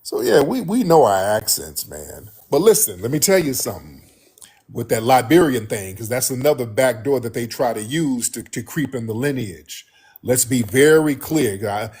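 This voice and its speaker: A man's voice: medium pitch, darkish tone, slightly rough. A man from the United States hosting casual commentary to his viewers, emphatic and repetitive, calling them family. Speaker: host.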